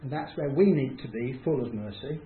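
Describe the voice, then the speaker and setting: Man, informal speaker, self-deprecating, acts out reactions; bright lively pitch, lo-fi phone-like sound with faint hiss. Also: a little fast. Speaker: speaker giving a talk on mercy. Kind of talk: informal talk to a small group. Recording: tinny, roomy, faint hiss.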